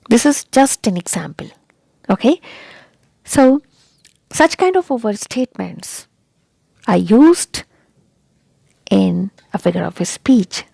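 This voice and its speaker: This English teacher's mid-range voice is gravelly, warm and slightly rough. Explaining a lesson for her video channel, she repeats the essentials and often poses rhetorical questions to check understanding. The audio has no echo.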